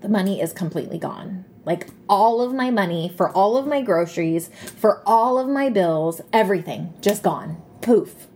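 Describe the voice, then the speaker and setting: A woman's voice: mid-range voice, lively intonation, moderate pace, few pauses, darkish tone, a little hiss or hum. A woman in her thirties telling a personal story in a rambling way, full of fillers and tag questions, her voice catching with tears. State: tearful, voice catching. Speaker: self-help speaker.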